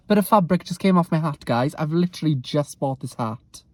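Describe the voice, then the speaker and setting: A young man, telling stories in a casual vlog with a chatty, animated manner. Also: on the high side, brisk, few pauses, reverberant. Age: young adult. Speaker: vlogger.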